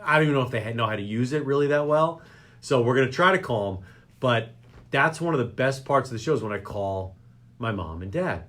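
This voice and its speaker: A man's voice: medium pitch, animated, a little fast, a bit bright. A man hosting a local radio talk show, joking and rambling. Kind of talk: casual chat show banter.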